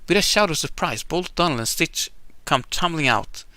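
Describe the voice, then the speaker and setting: A man's voice: a little high, lively intonation, normal speed, bright, forceful tone, no echo. A man streaming a game, reading its text aloud in a chatty way with casual asides and laughing at himself. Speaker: gamer streaming an event.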